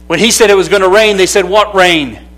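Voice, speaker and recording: A man preaching a sermon, lively and conversational, calling out to people in the room by name. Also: sits high, rapid-fire. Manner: animated, calls out to people by name. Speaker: pastor.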